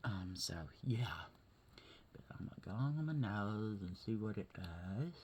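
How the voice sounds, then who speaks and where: A woman talking through a hard day in a vlog, teary and halting, often asking "okay?" and sometimes dropping to a whisper. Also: a bass voice, animated, a little mellow, slight background noise. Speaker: vlogger. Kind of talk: emotional personal vlog.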